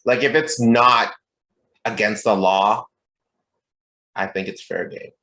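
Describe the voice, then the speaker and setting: A young man with a fairly low voice co-hosts a podcast in loose, casual chat. He jokes, swears freely, and rambles from one point to the next. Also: fairly even intonation, slow, creaky, a bit bright. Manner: joking, profane, rambling. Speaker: podcast co-host.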